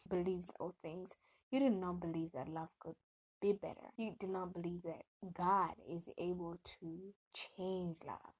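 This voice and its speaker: A young adult woman giving a casual faith-based talk to her viewers, telling her story with animated, expressive delivery. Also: on the low side, rough recording.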